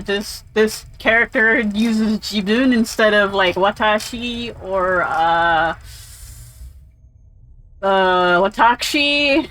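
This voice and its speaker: A woman's voice: medium pitch, fairly bright tone, rough recording. A woman casually commentating while playing a game, rambling and swearing freely. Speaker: let's play streamer.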